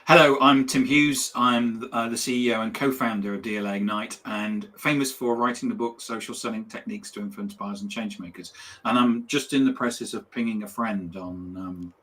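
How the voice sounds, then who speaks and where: A man's voice: lowish voice, fairly even intonation, brisk, fairly bright tone. A man introducing himself as a company CEO, easygoing and dry. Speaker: CEO, panelist. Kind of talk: casual chat.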